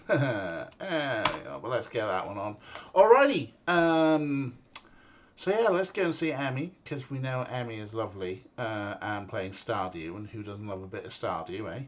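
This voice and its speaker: A man's voice: lowish voice, animated, normal speed, a little hiss or hum. A man streaming a game, chatting casually and rambling, with frequent fillers and the odd swear word. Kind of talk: casual livestream chat.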